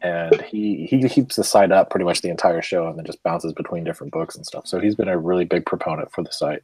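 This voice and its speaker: A man's voice: low-pitched, fast talker, a little mellow, husky, no room sound, poor audio. A man chatting casually in a group call, rambling and self-deprecating, laughing often. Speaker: comics website runner.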